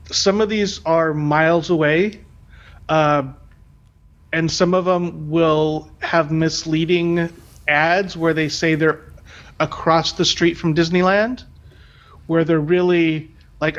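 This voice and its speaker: A man's voice: on the high side, flat delivery, slow, a bit bright, lo-fi sound. A man co-hosting a podcast, speaking casually and hesitantly with lots of ums. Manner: hesitant, many ums and repeated words. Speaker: podcast co-host.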